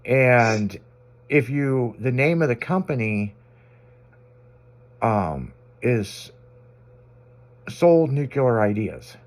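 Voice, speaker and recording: A man's voice: mid-range voice, lively intonation, very slow, long pauses. A man hosting a radio show, telling stories in casual banter with crude language and frequent laughter.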